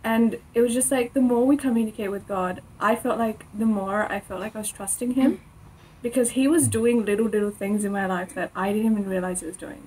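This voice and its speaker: A woman's voice: medium pitch, brisk, darkish tone, slightly rough, low-quality recording. A young Australian woman co-hosting a faith podcast, telling a personal story in a chatty, laughing way. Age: young adult. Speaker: podcast co-host. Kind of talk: casual faith chat.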